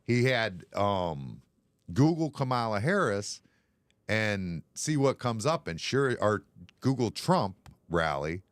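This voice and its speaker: A man's voice: lowish voice, big pitch swings, slow pace, no echo, studio quality. A man hosting a casual bar-talk live stream, blunt and sarcastic, swearing freely. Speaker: podcast host.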